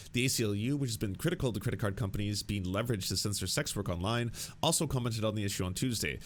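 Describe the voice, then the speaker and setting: A young man with a fairly low voice rants through his commentary, sarcastic and exasperated and quick to swear. A faint hum of room noise sits underneath. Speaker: political commentary host. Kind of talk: ranting video commentary.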